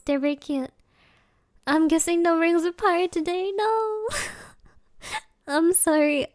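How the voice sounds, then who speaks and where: A woman's voice: sits high, no room sound, clean studio sound. A woman streamer chatting casually from home, giggly and rambling in a playful way. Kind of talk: casual live-stream chat.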